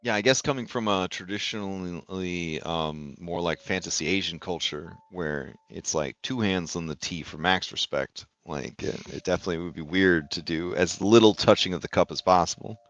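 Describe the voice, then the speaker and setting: A man's voice: deep voice, normal speed, few pauses, fairly bright tone. A man running a tabletop game as game master, narrating in a laid-back, jokey way with casual swearing.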